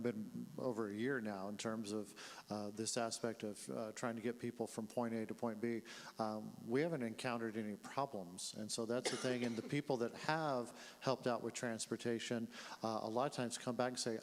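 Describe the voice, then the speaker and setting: A man's voice: mid-range voice, in a large hall, slight background noise. Hesitant man speaking with many fillers. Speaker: transportation volunteer coordinator. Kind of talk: panel discussion.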